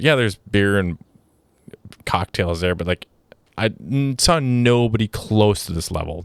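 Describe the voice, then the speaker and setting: Man, young adult, low voice, smooth and clear, dry close sound, casual rambling story, exasperated. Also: dry recording. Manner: exasperated, rambling with many restarts and "like". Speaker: podcast host.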